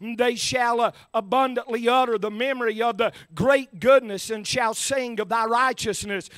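A man preaching a sermon in church, sliding from low, easy talk up to shouted, drawn-out lines. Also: steady tone, dry recording.

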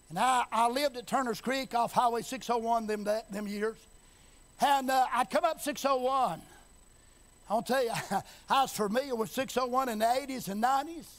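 Preacher guy, real high voice, hollers then goes soft, keeps asking y'all hearing me. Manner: rising into shouted, chanting emphasis, then dropping quiet; folksy, repeats phrases, asks the crowd if they hear him. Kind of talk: sermon.

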